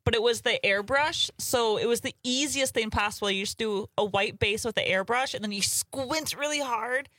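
A woman co-hosting a casual podcast who tells lively anecdotes, reacts quickly and laughs easily. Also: on the high side, dry recording. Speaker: podcast co-host. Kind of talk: casual chat.

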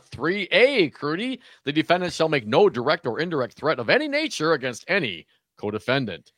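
A male co-host on talk radio who speaks with lively swings in pitch. He is wry and plain-spoken and laughs easily. The sound is close and dry. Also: fairly quick, no echo. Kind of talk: casual political talk radio.

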